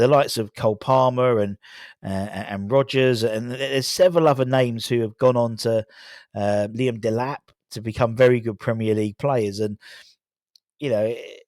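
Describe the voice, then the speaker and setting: A man's voice: medium pitch, a little mellow, no room sound, studio quality. A man hosting a football fan channel, chatting casually through transfer news with lots of ums and restarts. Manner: rambling, many fillers and restarts.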